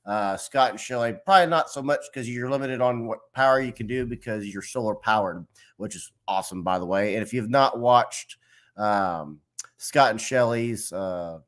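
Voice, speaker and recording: A middle-aged man hosting a casual livestream, chatting in a rambling, friendly way and greeting viewers from the chat. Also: medium pitch. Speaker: host of a livestream. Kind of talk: casual live-stream chat.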